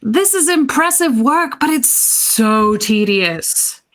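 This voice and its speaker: A woman's voice: a little high, expressive, takes it slowly, fairly bright tone. A woman voicing a scornful, taunting shadow spirit. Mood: mocking. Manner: taunting, contemptuous. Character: scornful inner shadow voice, mocking and cruel.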